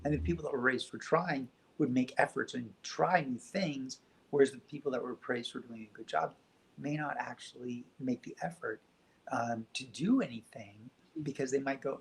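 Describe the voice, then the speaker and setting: Soft-spoken, gentle man, reflective. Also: medium pitch, creaky, low-quality recording. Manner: soft, gentle and unhurried, thoughtful. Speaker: podcast guest. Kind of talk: reflective spiritual conversation.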